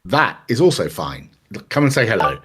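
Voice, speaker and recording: A man, chatting casually as a podcast guest, relaxed and self-deprecating. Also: fairly low pitch, normal speed, slight background noise. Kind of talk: casual chat.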